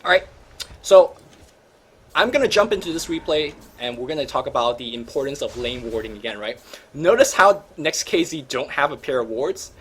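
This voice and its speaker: A man hosting a gaming show, commentating replays in an energetic, joking, slangy way. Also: fairly high pitch, moderate pace, husky. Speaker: host and caster.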